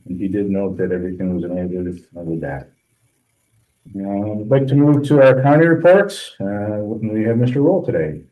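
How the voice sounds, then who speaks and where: Man chairing a meeting, halting. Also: fairly low pitch, warm tone, poor audio. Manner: halting, many ums and uhs. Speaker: board chair. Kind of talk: meeting business.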